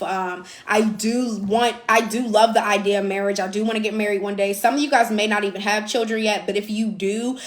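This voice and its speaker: Blunt chatty tarot reader woman, roomy. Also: mid-range voice. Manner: blunt, chatty, swears casually. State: out of breath. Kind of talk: casual live tarot reading.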